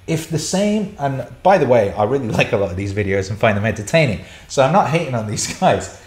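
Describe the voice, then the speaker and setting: A man's voice: medium pitch, sing-song, fairly quick. A middle-aged man hosting a casual livestream Q&A, blunt and sweary as he rants and answers chat questions. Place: indoor room. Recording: roomy echo.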